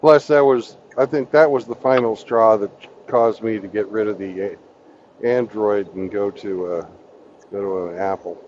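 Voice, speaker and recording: A man's voice: on the low side, steady tone, a little slow, darkish tone, dull audio, a little hiss or hum. A man chatting casually with a friend, swearing and joking as he talks. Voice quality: coarse, profane, joking. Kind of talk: casual chat on a live stream.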